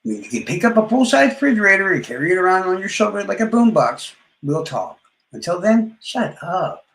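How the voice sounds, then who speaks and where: A man brags and trash-talks his rivals on a live stream, profane and swaggering. His fairly high voice has a gravelly rasp and sounds roomy and echoey. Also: very animated, a little fast, fairly bright tone. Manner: boastful, profane trash talk with trailing mumbles. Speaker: livestreamer.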